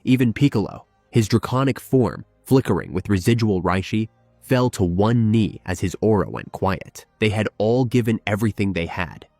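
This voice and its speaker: Low-voiced dramatic male storyteller. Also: expressive, mellow, no room sound. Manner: slow, emphatic, with weighty pauses. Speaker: narrator. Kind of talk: dramatic fan-fiction narration. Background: faint background music.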